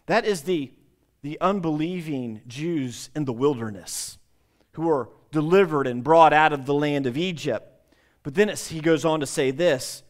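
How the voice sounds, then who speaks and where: A man's voice: mid-range voice, unhurried. A male pastor preaching a sermon, emphatic, with frequent repetitions and restarts.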